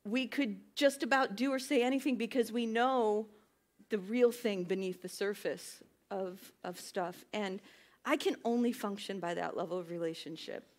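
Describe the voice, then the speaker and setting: A woman's voice: mid-range voice, normal speed. A woman in her thirties, a worship pastor, giving a sermon in a chatty, self-deprecating way that builds into emphatic preaching. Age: 30s.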